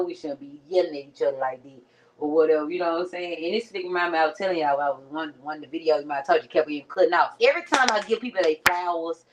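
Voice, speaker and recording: Low-voiced woman in casual slangy chat. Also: rough recording. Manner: slangy, conversational, keeps addressing viewers as friend. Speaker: vlogger. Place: at home. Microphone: streaming setup.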